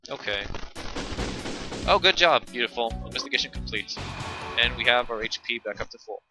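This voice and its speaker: Talking to chat in a relaxed, chatty way, a man gives let's play commentary between bits of game dialogue. The low-quality recording carries his mid-range voice at a moderate pace, with game music underneath.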